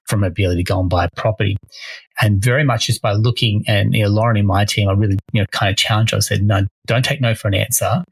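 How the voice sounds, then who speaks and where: A man's voice: on the low side, husky, no room sound, rough recording. A man, co-hosting a casual podcast as a mortgage broker, talking energetically and often restarting his phrases.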